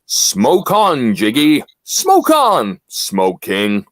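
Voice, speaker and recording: A man's voice: mid-range voice, huge pitch swings, no echo, heavily acted. A man putting on a cheeky fake English bloke. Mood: announcing. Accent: put-on English. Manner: slow, swooping, showy delivery. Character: cheeky put-on English bloke, brash and mocking. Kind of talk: recorded show drop.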